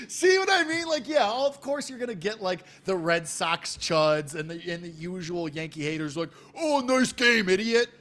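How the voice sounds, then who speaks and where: A man with a New York accent co-hosting a sports betting chat, talking in animated, emphatic rants full of "like". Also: sits high.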